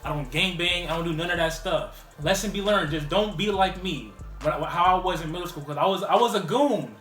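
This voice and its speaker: A man's voice: sits high, brisk, a bit bright, reverberant, faint music behind. A man vlogging a casual storytime, rambling and full of "like" fillers. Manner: rambling, heavy use of "like" fillers.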